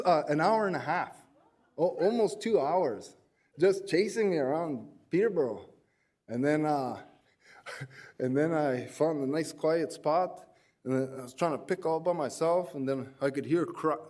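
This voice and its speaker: A man's voice: fairly high pitch, a little mellow. A man presenting at an education forum, telling rambling, self-deprecating anecdotes with many restarts. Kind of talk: anecdotal storytelling talk.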